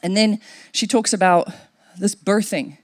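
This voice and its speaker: A woman pastor telling a personal testimony in a sermon, chatty and animated, her voice leaping up as she relives the moment. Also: a little slow, no echo, clean studio sound. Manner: animated storytelling with big pitch swings and laughter; conversational, chatty with fillers.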